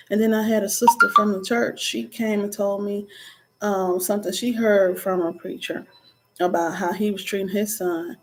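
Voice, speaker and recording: A woman's voice: mid-range voice, warm tone. A woman in her thirties giving an earnest, conversational inspirational talk, with frequent ums and preachy asides. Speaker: vlogger. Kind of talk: casual inspirational talk to camera.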